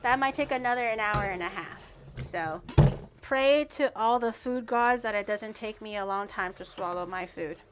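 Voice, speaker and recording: A woman's voice: medium pitch, normal speed, heavy background noise. A woman streamer chatting casually with her viewers while baking in her kitchen, playful and teasing as she reacts to chat. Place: home kitchen.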